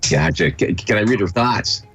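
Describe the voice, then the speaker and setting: A man's voice: sits low, animated, moderate pace, fairly bright tone, husky, faint music behind. A man playing a tabletop game, amused and stammering. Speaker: player.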